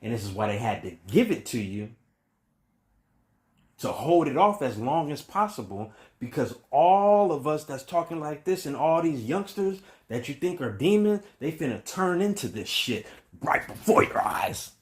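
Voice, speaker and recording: A man's voice: a little high, big pitch swings, moderate pace. Emphatic man preaching in repeated refrains. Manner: emphatic, rhythmic repetition, swings from loud to hushed. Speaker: spiritual teacher. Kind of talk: preaching monologue.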